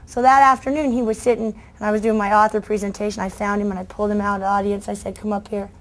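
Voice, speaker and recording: A middle-aged woman, a children's book author, telling lively stories in a talk and acting out the voices of kids and adults. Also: mid-range voice, rapid-fire. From United States. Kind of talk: lively storytelling speech to an audience.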